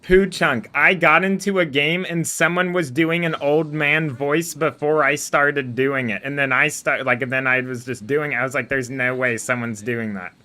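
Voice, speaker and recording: A man's voice: a little high, fairly even intonation, normal speed, hardly any pauses, sharp tone. A man streaming a game, chatting casually and rambling, with frequent laughter. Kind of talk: casual gameplay chat. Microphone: desk microphone.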